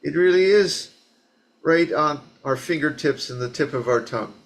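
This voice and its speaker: A Zen teacher from the New York area giving a conversational dharma talk with joking asides. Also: male voice, on the high side, lively intonation, moderate pace.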